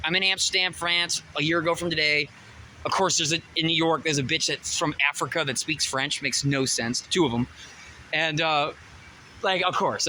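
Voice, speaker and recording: Excitable man with a bright, piercing voice. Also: sits high, slight background noise, poor audio. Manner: excitable, laughs often, swings from mutter to shouting. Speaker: vlogger. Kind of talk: rambling personal vlog.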